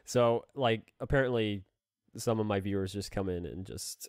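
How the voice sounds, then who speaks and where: A young man streaming video games in a casual way, goofy and self-mocking, jumping between high squeaks and low mumbles. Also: slow, pauses often, a little mellow. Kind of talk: casual gaming commentary.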